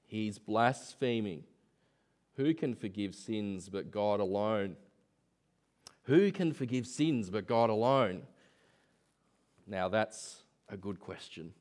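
A man's voice: medium pitch, a little mellow. A man preaching a sermon in church, talking conversationally and asking rhetorical questions.

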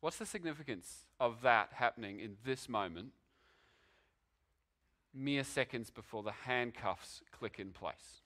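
A man's voice: mid-range voice, animated, measured pace, pushed and bright. A man preaching a sermon, telling it as a story with dramatic rhetorical questions. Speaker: pastor.

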